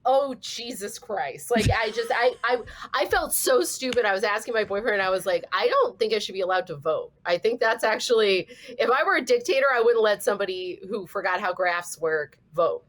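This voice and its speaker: A woman comedian chatting casually as a podcast guest. She tells stories in an animated way and swears offhandedly. Her voice sits at a middle pitch. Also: normal speed, hardly any pauses.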